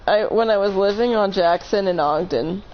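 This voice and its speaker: A woman's voice: medium pitch, moderate pace, lo-fi sound, a little hiss or hum. A woman casually telling a long story on a live stream, rambling, correcting herself and laughing between points.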